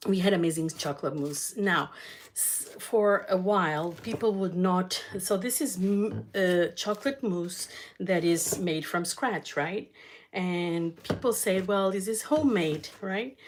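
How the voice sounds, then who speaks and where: While cooking on her channel, a female host shares a family story in a relaxed, stop-and-start way, full of fillers and sentences she begins again. She has a fairly low-pitched voice.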